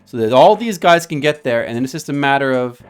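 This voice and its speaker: Lively, playful male game streamer. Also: medium pitch, fairly quick, clear, resonant tone, faint music behind. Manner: playful, rambling, jokingly addresses a viewer by name. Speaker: streamer playing a retro puzzle game. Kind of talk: casual live-stream chatter while playing.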